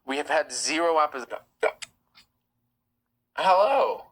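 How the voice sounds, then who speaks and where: A man's voice: fairly high pitch, lively intonation, measured pace, fairly bright tone, poor audio. A man hosting a live stream, reading chat comments aloud and answering them bluntly. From United States. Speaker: livestream host.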